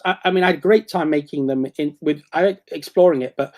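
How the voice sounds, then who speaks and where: A man in casual chat, excitable and rambling, with many restarts and bursts of acted-out quotes. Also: fairly high pitch, a little fast.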